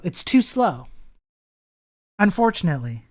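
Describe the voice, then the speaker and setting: A man's voice: high voice, normal speed. A man chatting casually on a live coding stream, blunt and profane, laughing often.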